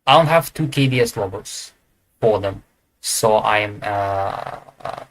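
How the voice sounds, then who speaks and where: A man with a fairly low, slightly bright voice talks slowly while ranking esports teams for a tier list. His commentary is casual, and he thinks out loud with hesitant fillers and corrects himself as he goes.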